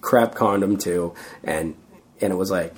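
A man's voice: low voice, unhurried, a little hiss or hum. A Canadian man, a street performer, telling rambling, self-deprecating stories full of fillers in a casual interview.

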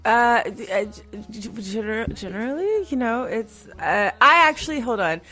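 A woman on a film podcast panel, talking in halting, hesitant casual chat. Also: a little high, animated, pushed and bright. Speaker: podcast panelist, costume designer.

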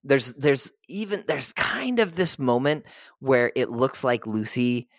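A man on a podcast chatting casually, retelling stories with animated asides and quoting characters in a put-on voice. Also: medium pitch, unhurried, no echo, studio quality. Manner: animated storytelling, acts out characters' lines. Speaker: podcast host. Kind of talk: casual chat.

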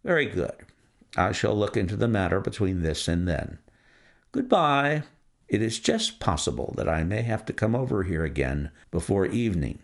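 Man voicing a composed gentleman sleuth, dry and exact, gravelly low tone with lively rises. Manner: measured, dry and self-assured. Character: cool, precise gentleman detective, adult male.

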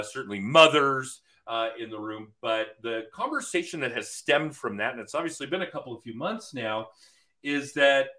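A man's voice: mid-range voice, sharp tone. A man hosting a podcast, talking frankly and swearing casually in loose chat. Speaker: podcast host.

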